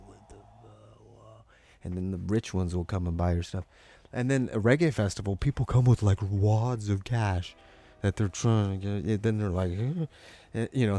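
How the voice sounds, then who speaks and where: Rambling low-voiced man telling painting stories. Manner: rambling, animated, acts out quotes in high voices. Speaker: live painter. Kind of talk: casual monologue.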